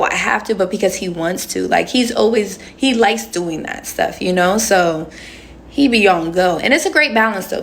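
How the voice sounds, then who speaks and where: A woman's voice: medium pitch, vocal fry, a little hiss or hum. A young woman in her twenties hosting a casual livestream, chatting and answering comments with slangy asides into a phone. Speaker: livestream host.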